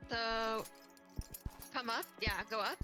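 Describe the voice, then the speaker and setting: A young woman with a fairly high voice talks her friend through a puzzle game. She gives quick directions and keeps breaking into giggles, with the odd swear word. Game music plays steadily in the background. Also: fairly even intonation. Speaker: streamer. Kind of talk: casual co-op gameplay chat.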